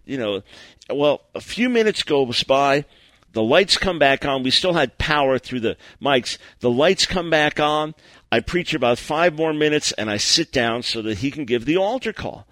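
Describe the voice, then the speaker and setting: A male preacher tells a story from the pulpit, animated and acting out each exchange, often stumbling over restarts. His voice sits a touch high for a man, and the sound is dry and close. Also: no room sound. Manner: animated, acts out dialogue, stammering restarts. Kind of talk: sermon storytelling.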